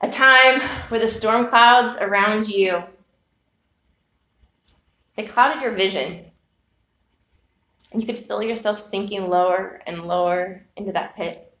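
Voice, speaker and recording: A woman's voice: mid-range voice, fairly even intonation, takes it slowly, long pauses, pushed and bright. A woman preaching a sermon, telling a personal story with earnest, reflective rhetorical questions. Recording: echoey room.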